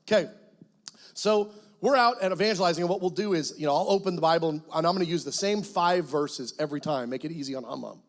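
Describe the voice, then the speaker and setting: A guest pastor tells his testimony from the pulpit, high-pitched for a man. He tells it as an animated story and breaks into excited, shouted quotes. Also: fast. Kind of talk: testimony sermon.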